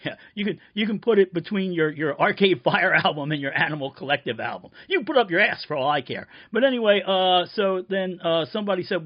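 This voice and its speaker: A man from Philadelphia telling a profane, rambling comic tall tale in deadpan style. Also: sits high, brisk, lo-fi sound. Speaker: band member promoting a reissue.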